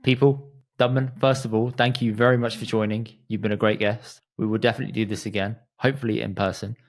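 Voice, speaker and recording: A man's voice: lowish voice, flat delivery, fast talker. A man hosting a podcast, quizzing his guest and bantering casually. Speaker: podcast host.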